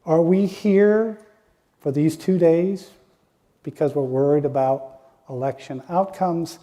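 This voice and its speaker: A man's voice: on the high side, mellow, long reverb tail. A man presenting his research as a lecture, often asking rhetorical "right?" questions.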